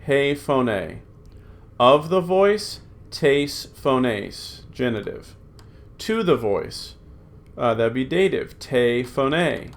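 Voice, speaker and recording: A man of medium pitch, his voice swinging widely up and down, teaches a recorded Greek lesson. He drills word forms slowly, reads out rules, and thinks aloud with many ums and uhs.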